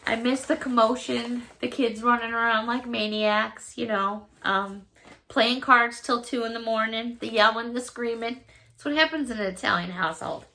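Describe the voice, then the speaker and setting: A woman's voice: on the high side, animated, unhurried, sharp tone. A middle-aged woman chatting casually to camera as a YouTuber opening fan mail, effusive and full of thanks and exclamations.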